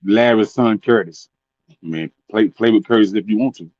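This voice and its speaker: A Southern man co-hosts a relaxed chat. His middle-pitched voice comes through slightly muffled and dry. He repeats words as he talks, often calling his partner "boy.". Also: moderate pace, dry recording. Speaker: podcast co-host. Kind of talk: casual chat.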